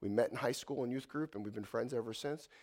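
A man in his fifties preaching a sermon in a church, animated, swinging from loud exclamations to hushed asides. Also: mid-range voice, fast. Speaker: pastor.

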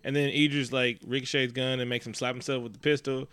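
A man's voice: mid-range voice, flat delivery, fast, fairly bright tone, clear, resonant tone, dry recording. A young man co-hosting a casual movie recap, rambling and profane as he retells the plot. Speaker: podcast co-host.

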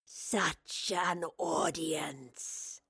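A woman doing a slow, snarling wraith. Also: deep voice, steady tone, a bit bright, breathy edge, no room sound, studio quality, exaggerated voice. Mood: menacing.

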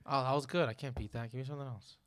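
A man's voice: mid-range voice, steady tone, fairly bright tone, no echo, clean studio sound. A man hosting a fantasy sports podcast, chatting casually and joking between ad reads. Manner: playful, jokey, quick asides. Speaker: podcast host.

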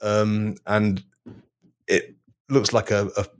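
A man's voice: lowish voice, level tone, takes it slowly. A man co-hosting a comedy podcast, telling rambling stories in casual chat and laughing often. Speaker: podcast co-host.

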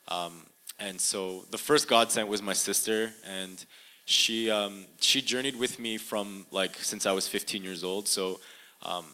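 A young man sharing a personal testimony in an interview, earnest and halting, full of fillers and restarts, in a room with a live audience. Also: fairly low pitch, steady tone, bright, forceful tone, poor audio.

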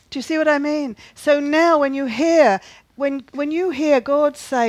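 An earnest woman preaching, her voice sitting a little high, stressing points by saying them twice and checking in with questions to her listeners. The sound is dry and close, with no room echo. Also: normal speed, darkish tone. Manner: earnest, repeats key phrases, asks the listeners questions. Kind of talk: sermon.

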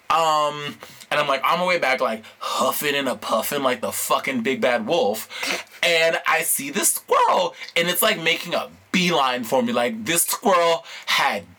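A man co-hosting a casual podcast who tells a rambling, self-mocking story. His voice is bright and tense, and it leaps up and down as he acts out every beat, padding his lines with filler words and laughing. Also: on the high side. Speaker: podcast co-host. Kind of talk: casual chat, rambling anecdote.

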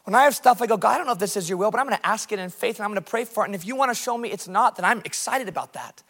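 With long reverb from the church hall around him, a pastor from the United States delivers a fervent sermon full of stories from his missions. His high-pitched voice is animated and fairly bright, and he talks very fast.

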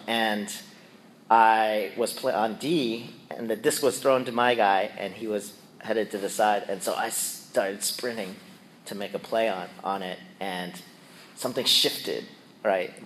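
A man's voice: fairly low pitch, unhurried, fairly bright tone, a little hiss or hum. A middle-aged man casually telling a personal story and acting out his own yelps and quoted lines. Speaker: speaker sharing a personal reflection.

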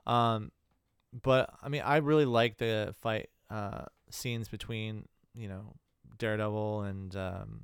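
Lowish male voice, clean and dry, loose rambly podcast chatter. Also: fairly even intonation, takes it slowly, vocal fry, clean tone, dry recording. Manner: loose and rambling, with many fillers. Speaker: podcast co-host. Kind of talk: casual chat.

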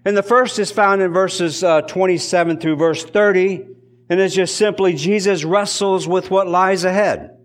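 Pastor, male, middle-aged, higher-pitched, emphatic preacher voicing the crowd's challenges. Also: fairly even intonation, normal speed. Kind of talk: sermon.

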